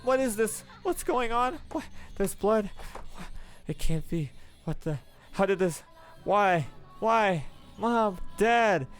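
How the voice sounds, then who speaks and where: A man's voice: high voice, animated, measured pace, soft background music, pitched above the performer's own voice. Man doing a terrified little village boy. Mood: shocked. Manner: screaming, panicked.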